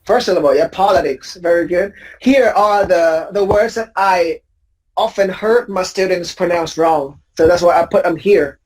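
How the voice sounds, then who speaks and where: A woman's voice: fairly low pitch, moderate pace, a little mellow, poor audio. Patient woman coaching word stress. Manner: patient, corrective, models words by repetition. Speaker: English pronunciation teacher. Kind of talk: classroom pronunciation drill.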